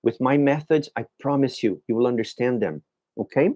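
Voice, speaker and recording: A man teaching an English class live, answering viewers' questions by name and sounding words out slowly. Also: medium pitch, mellow. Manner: models pronunciation of words slowly. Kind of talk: live-streamed language lesson.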